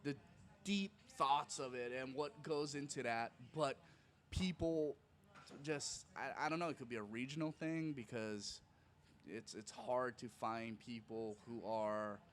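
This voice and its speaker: A male stand-up comedian, a podcast guest, talking in a casual, earnest and excitable way, often repeating words as he starts a sentence. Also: mid-range voice, unhurried. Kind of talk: casual chat.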